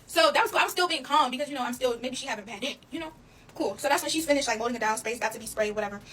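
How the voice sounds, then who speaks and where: Woman vlogger, quick and fairly high, casual storytime, blunt and animated. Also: rough recording. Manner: fast, animated, addresses listeners as y'all, swears freely.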